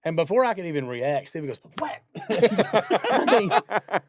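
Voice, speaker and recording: A man's voice: high voice, very animated, measured pace, no echo. Chatty man hosting a podcast. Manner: chatty, laughs easily while telling anecdotes. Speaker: podcast host. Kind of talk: casual podcast conversation.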